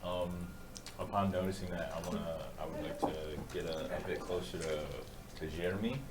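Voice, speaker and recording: A man playing a tabletop game, speaking hesitantly and softly. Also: low-pitched, steady tone, fairly quick, reverberant, noisy background. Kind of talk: casual table talk.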